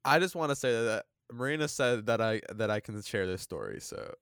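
Young guy telling a story on a podcast, rambly and animated, dry close mic. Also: fairly low pitch, brisk, clear, resonant tone, no echo. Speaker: podcast co-host. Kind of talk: casual chat.

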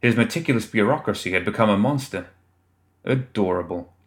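Low-voiced guy narrating a fantasy audiobook, steady and measured.

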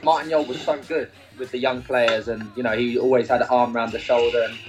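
A man speaking in a measured, earnest way while recalling his time as a young apprentice player. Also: mid-range voice, fairly even intonation, faint music behind. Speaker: former youth academy player, interviewee. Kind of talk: reflective interview recollection. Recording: dull lo-fi sound.

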